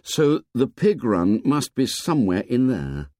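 A man's voice: medium pitch, big pitch swings, unhurried, a little mellow, no room sound, clean studio sound. A man voicing an earnest, troubled boy chief. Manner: earnest, despairing.

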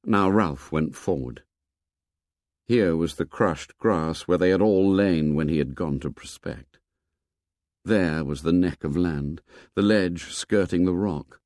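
A man narrating a novel as an audiobook in a measured, expressive storytelling manner. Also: sits low, dry recording, clean studio sound.

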